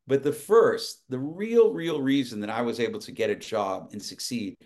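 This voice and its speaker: A man guest on a podcast, telling lively anecdotes in casual conversation, often restarting his sentences. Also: mid-range voice, moderate pace. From United States. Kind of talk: casual storytelling.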